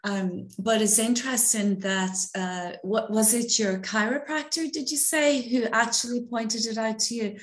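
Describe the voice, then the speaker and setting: A woman's voice: fairly high pitch, a little slow, hardly any pauses, echoey room. A woman co-hosting a podcast, chatting casually and affirming her guest, often restarting her sentences. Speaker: podcast co-host. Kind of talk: casual conversation.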